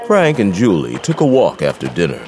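A man giving scripted narration of a western story in a steady storytelling manner. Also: deep voice, a little fast, music in the background.

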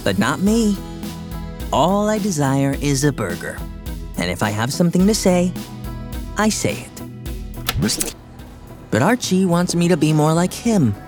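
Fields: Figure: sarcastic teenage boy. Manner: dry, deadpan. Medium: audio drama. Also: fairly high pitch, measured pace, pauses often. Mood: musing. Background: music.

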